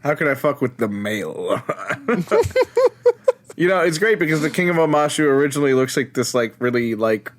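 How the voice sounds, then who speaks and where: A man's voice: mid-range voice, expressive, normal speed. A man co-hosting a podcast, casually recapping episodes with a laid-back, joking manner. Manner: laid-back, summarizes plot with jokes. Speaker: podcast co-host.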